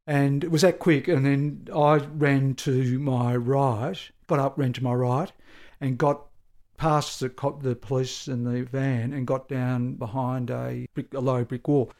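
An Australian man, a former police sergeant, recounting events in a conversational interview, halting and correcting himself as he goes. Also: mid-range voice, level tone, a little mellow. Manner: halting, self-correcting, with frequent restarts and fillers. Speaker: former police sergeant telling his story.

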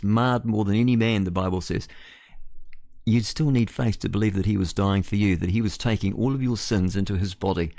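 A man's voice: on the low side, darkish tone, dry recording. Rambling earnest man preaching on radio. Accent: New Zealand. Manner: rambling, earnest, repeats words and restarts. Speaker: radio host.

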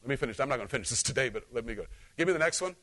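A man's voice: medium pitch, rapid-fire. A male pastor preaching a conversational sermon, telling personal stories and talking directly to his congregation. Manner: animated, talks directly to the congregation.

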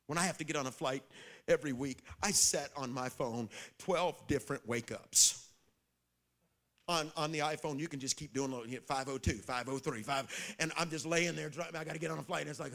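A man preaching a sermon, telling stories and calling out to the crowd, with sudden swings from shouting to hushed whispers. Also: a little high, big pitch swings, a little fast, creaky. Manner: storytelling, calls out to the crowd.

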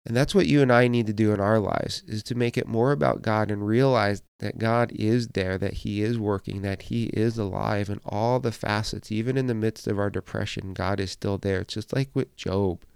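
A man's voice: fairly low pitch, fairly even intonation, normal speed, creaky, few pauses, a little mellow, clear, resonant tone, no echo, clean studio sound. A man preaching a sermon in an earnest, emphatic and encouraging way.

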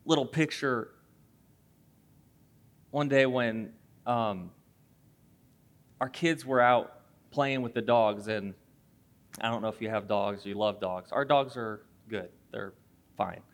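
A male pastor in his thirties preaches in a conversational way, recounting a family story and acting out little voices as he goes. His pitch is medium, and he speaks slowly with long pauses.

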